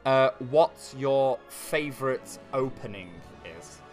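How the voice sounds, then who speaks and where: A man's voice: mid-range voice, slow, faint music behind. A man hosting a chess livestream, chatty and joking, with lots of fillers. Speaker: stream host.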